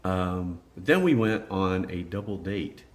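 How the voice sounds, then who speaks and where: A man's voice: sits low, animated, slow. A middle-aged man telling rambling personal stories in a casual monologue, laughing as he goes and acting out the voices of people in them. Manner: rambling, laughs through anecdotes, acts out quoted voices. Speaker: vlogger telling life stories.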